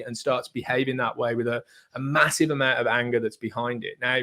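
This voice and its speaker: A man speaking as a psychotherapist guest on a podcast, calmly and methodically explaining therapy concepts. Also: mid-range voice, fairly quick.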